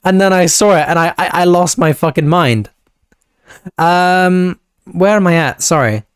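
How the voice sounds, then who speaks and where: On a clean, dry studio recording, a young male streamer talks in a high-pitched, slightly slow voice with a clear tone. He wanders from thought to thought, stops partway through sentences, and affectionately thanks the people in his chat, his handheld mic held clumsily.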